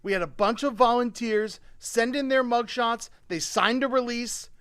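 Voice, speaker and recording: Man, high voice, comedy show host, profane, excitable ranting, dry close sound. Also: normal speed, smooth, no echo. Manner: profane, excitable ranting that swings between quiet asides and shouting. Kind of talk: live-streamed comedy show opening.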